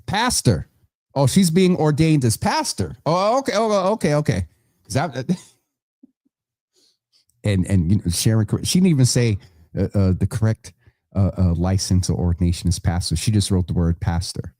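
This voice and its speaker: A man's voice: fairly low pitch, sing-song, normal speed, warm tone, dry recording, clean studio sound. A man hosting a live online show, making casual announcements to viewers in a chatty, rambling way, correcting himself as he goes.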